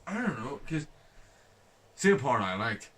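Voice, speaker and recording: A man's voice: mid-range voice, very animated, unhurried, a bit bright. A young man co-hosting a podcast, chatting casually, swearing often and acting out scenes with hyped outbursts.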